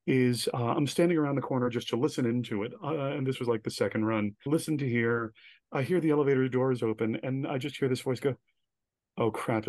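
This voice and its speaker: Lively man telling spooky stories. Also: medium pitch, no echo. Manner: animated anecdotes, acts out quoted lines. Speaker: guest, director. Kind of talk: storytelling in a podcast interview.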